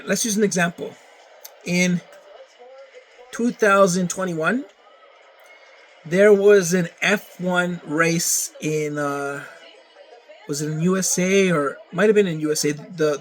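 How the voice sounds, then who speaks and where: A man's voice: a little high, a bit bright, low-quality recording. A man ranting casually to camera, often stammering and repeating words, with plenty of swearing. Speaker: vlogger.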